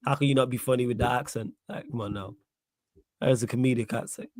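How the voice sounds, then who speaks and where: A man's voice: medium pitch, steady tone, quick pace, a little mellow, no echo. A young man from Manchester with a Mancunian accent, hosting a casual football chat, laid-back and slangy, laughing often. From Manchester, England. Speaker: podcast host.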